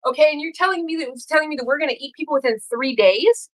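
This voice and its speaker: An American woman co-hosting a podcast talks in a high, racing voice on a rough recording. Her casual chat is emphatic, repeating points and full of "like."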